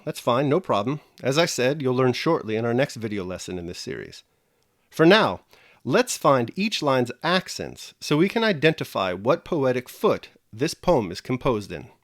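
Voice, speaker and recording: A man teaching a scripted video lesson in a lively voice that climbs and dips a lot. He explains each step in a measured way and speaks right to the viewers. The recording is dry and close, with no room sound. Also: medium pitch, no echo.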